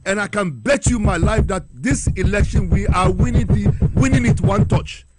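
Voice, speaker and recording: A man rallying party supporters on air, fiery and repetitive, shouting his calls and running out of breath. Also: high voice, expressive, normal speed, over loud music. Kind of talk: impassioned election-day call to supporters.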